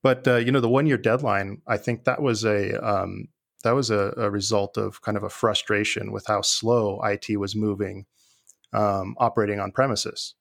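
A man being interviewed, talking in a relaxed, thoughtful way with many fillers and restarts. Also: on the low side, normal speed, gravelly. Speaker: guest, former IT leader. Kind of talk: conversational interview.

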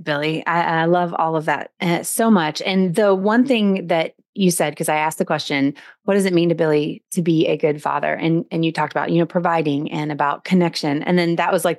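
A woman's voice: lowish voice, no room sound, studio quality. A woman hosting a parenting podcast, talking casually and affirming her guest. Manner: warm, affirming listener. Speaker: podcast host. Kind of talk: casual interview talk.

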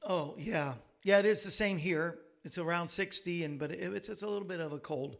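A man's voice: sits high, a little fast, creaky, fairly bright tone. A man hosting a talk show, telling rambling stories in a casual way and laughing at his own jokes. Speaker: radio show host. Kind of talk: casual chat.

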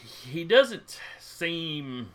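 A man's voice: a little high, big pitch swings, very slow, noisy background. Folksy male game master. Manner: casual, folksy asides. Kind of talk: narrating a tabletop game.

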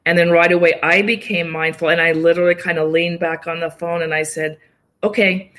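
Calm woman explaining mindfulness practice. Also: on the low side, brisk. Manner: calm, explanatory, acts out little quoted inner voices. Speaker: yoga nidra practitioner and guest. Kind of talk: casual interview conversation.

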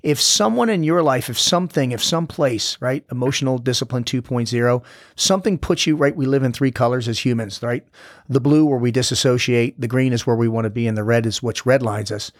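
A man's voice: mid-range voice, brisk, dry recording. Blunt intense man, dry close sound. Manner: intense, blunt, swears, frequent restarts. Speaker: podcast guest, former Navy SEAL. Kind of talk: candid conversational interview.

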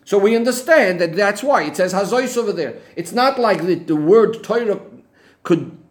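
Guy a high voice teaching a torah text, keeps asking why and answering himself. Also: expressive, moderate pace. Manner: questioning, methodical, rhetorical back-and-forth. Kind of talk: Talmudic-style text analysis lesson.

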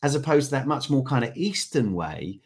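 A middle-aged man speaking as a guest on a podcast interview, telling stories in an animated way and laughing often. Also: mid-range voice, normal speed, breathy edge. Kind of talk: conversational interview.

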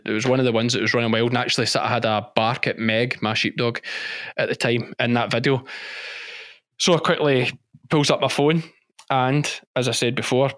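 A man, a sheep farmer and former policeman, recounting a story in a podcast interview with emphatic, animated delivery and frequent restarts. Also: medium pitch, dry recording, clean studio sound.

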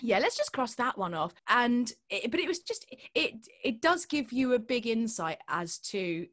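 A woman in her thirties, a singer and performer, telling animated stories as a podcast guest and acting out the people in them. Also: on the high side, moderate pace. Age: 30s. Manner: expressive storyteller, acts out quoted voices, laughs often. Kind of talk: animated anecdotal chat.

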